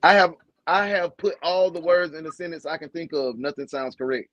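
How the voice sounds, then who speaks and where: Man, podcast co-host, slightly high voice, blunt and crude, loud bursts then mumbling, dry close mic. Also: fairly even intonation, brisk, dry recording, dull audio. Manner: blunt, profane, swings from loud outbursts to mumbling. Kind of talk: candid casual podcast chat.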